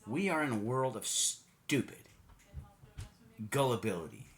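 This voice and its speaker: Lively sarcastic American man ranting. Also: medium pitch, a little slow. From United States. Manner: sarcastic, mocking, puts on silly voices. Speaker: political commentator. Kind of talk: ranting monologue.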